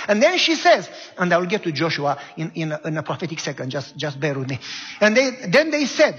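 A man's voice: on the high side, sing-song, fairly quick, fairly bright tone. A middle-aged male pastor preaching emphatically, asking the congregation rhetorical questions. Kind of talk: sermon. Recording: muffled hall reverb.

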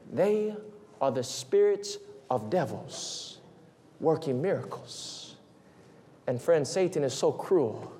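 A man preaching an evangelistic sermon in an earnest way, often dropping to a hush as he addresses his listeners as friends. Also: on the high side. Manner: earnest, drops to a hushed tone on "friends".

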